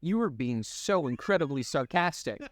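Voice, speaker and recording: A young man co-hosting a podcast in casual chat, rambling and halting, swearing freely. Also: fairly high pitch, animated, dry recording. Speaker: podcast co-host.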